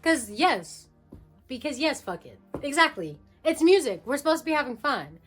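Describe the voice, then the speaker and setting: A young adult woman talks through her creative process in a loose, casual vlog style. She rambles with lots of fillers and breaks into quoted voices. Her voice sits a little higher than most women's, and faint music plays underneath. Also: very animated, normal speed. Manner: chatty, filler-heavy, jumps into quoted voices. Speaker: musician explaining her album. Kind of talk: casual to-camera talk.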